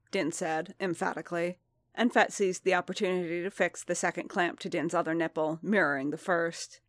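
A woman reading a story aloud in a steady, even narration. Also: lowish voice, dry recording. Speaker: reader. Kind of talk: audiobook-style story reading.

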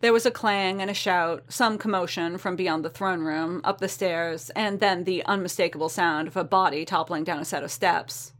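Brief: woman narrator, lowish voice, steady storybook reading. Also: normal speed, hardly any pauses. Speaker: reader.

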